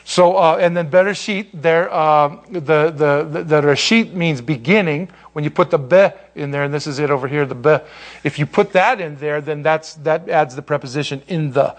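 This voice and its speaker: A man leads an informal Bible class, talking in a chatty, animated way. His voice sits a little high. He restarts phrases often and drifts into asides. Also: normal speed. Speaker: pastor teaching a Bible study.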